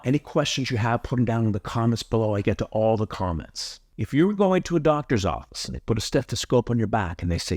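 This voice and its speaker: A man's voice: mid-range voice, very animated, fairly quick, hardly any pauses, darkish tone, dry recording, studio quality. A man teaching a yoga breathing tutorial, earnest and emphatic, often repeating his key points. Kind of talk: instructional tutorial.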